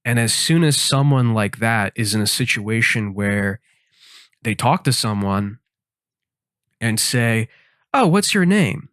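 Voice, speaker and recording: Slow, dry-voiced man musing mock-seriously. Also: on the low side, smooth, dry recording. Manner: mock-serious, tangential deadpan reasoning. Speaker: podcast host. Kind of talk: rambling comic monologue while gaming.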